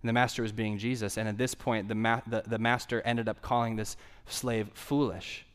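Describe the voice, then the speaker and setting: A man's voice: fairly low pitch, little pitch movement, moderate pace, smooth. A man preaching a sermon in a conversational way, asking the audience questions and repeating key phrases for emphasis.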